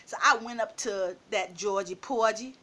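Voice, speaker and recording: A woman vlogger telling a personal story in a casual, animated way, laughing often and calling her listeners baby. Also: mid-range voice, normal speed.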